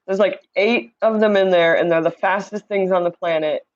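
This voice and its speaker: A woman's voice: medium pitch, moderate pace, lo-fi sound. Chatty woman hosting a livestream. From Indiana, USA. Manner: chatty, reads viewer comments aloud, greets viewers by name. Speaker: livestream host. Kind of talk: casual livestream chat. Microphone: streaming setup mic.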